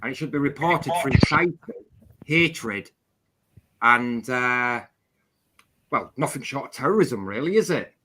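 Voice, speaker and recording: A man's voice: medium pitch, animated, measured pace, pauses often, pushed and bright, slight background noise. A man on a live stream chat, ranting emphatically about another channel. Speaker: guest streamer. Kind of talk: casual chat.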